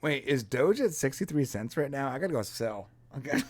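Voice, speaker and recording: A man's voice: medium pitch, lively intonation, fairly quick, slight background noise. A man co-hosting a live TV review show, chatting casually and breaking into laughs between jokes. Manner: laughs often, jokey asides. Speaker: podcast co-host. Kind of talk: casual livestream review chat.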